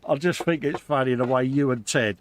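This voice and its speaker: A man's voice: medium pitch, a little fast, slight background noise. Chatty man co-hosting a stream. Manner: chatty, reads out viewer comments. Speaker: co-host of a live model-building stream. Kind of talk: casual chat.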